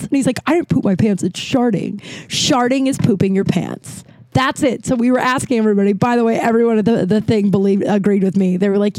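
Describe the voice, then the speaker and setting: A woman chats through a casual solo podcast and tells stories with plenty of laughter. She acts out the people she quotes. Her voice sits at an average pitch and sounds dry and close to the mic. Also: a little fast, a little mellow, no echo. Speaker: podcast host.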